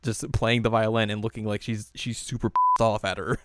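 Animated man recapping an episode. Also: lowish voice, a little fast, dry recording, clean studio sound. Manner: animated, laughs often. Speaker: podcast co-host. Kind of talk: casual chat recapping an episode.

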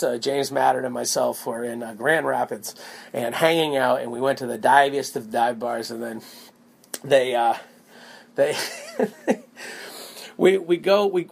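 A man hosting his own comedy podcast, telling a long story in a rambling, profane, animated way with quick asides. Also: mid-range voice, creaky. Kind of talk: casual storytelling monologue.

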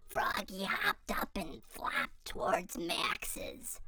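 A woman reading a children's picture book aloud in a hushed, half-whispered voice. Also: a little high, lively intonation, takes it slowly, faint music behind. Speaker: storyteller.

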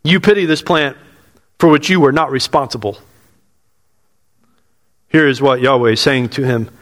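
A man's voice: mid-range voice, moderate pace, long pauses, fairly bright tone. A pastor preaching a sermon in earnest, repeating his phrases and asking the congregation questions. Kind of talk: expository sermon. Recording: long hall reverb.

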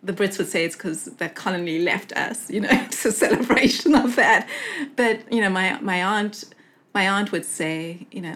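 A woman's voice: medium pitch, moderate pace, a bit bright. A young woman from South Africa speaking earnestly in a conversational interview, reflective and full of fillers and restarts. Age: young adult. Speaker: guest.

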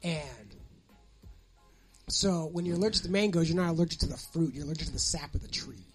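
A man telling a story on a casual podcast, profane and animated, getting loud when he acts out what people said. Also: fairly high pitch, fairly quick, faint music behind.

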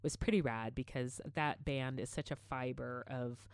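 A middle-aged woman with a notably low voice tells stories in a loose, chatty way. She fills her talk with "like" and "um" and swears freely. The recording is dry and close, with no room around it. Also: normal speed, clean tone, dry recording. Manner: animated storyteller, swears freely, many fillers. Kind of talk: casual chat.

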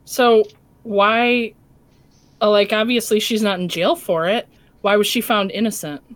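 Slow, casual woman player. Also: mid-range voice, fairly even intonation, dry recording. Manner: questioning, casual, hedging. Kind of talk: casual tabletop play.

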